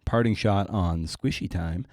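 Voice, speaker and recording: A man's voice: deep voice, a little slow, darkish tone, dry recording, clean studio sound. A male podcast host introducing his guest in a casual, irreverent way, with profane, wry asides.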